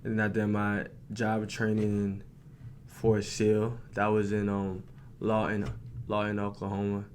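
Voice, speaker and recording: A man's voice: fairly low pitch, completely flat delivery, unhurried, a little hiss or hum. Young man chatting loosely on a podcast. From New York. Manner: loose, filler-heavy talk with many "like" and "you know what I'm saying". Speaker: guest, rapper and former soldier. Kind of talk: casual interview chat.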